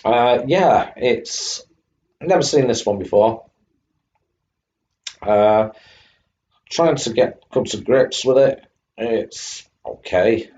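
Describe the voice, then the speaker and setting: A man's voice: mid-range voice, slow, pauses often, a little mellow. A man live-streaming retro computer games, chatting to viewers and fighting off a coughing fit. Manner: chatty, greets chat viewers by name. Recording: dull lo-fi stream audio with faint hum.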